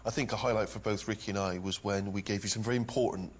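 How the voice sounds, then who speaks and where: A man's voice: fairly low pitch, fairly even intonation, quick pace, a little hiss or hum. A male host asking a guest articulate questions in a casual studio chat.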